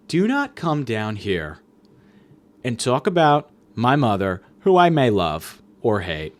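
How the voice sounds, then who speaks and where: Profane, ranting man with a lively voice. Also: mid-range voice. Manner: profane, sarcastic, animated ranting. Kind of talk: ranting storytelling monologue.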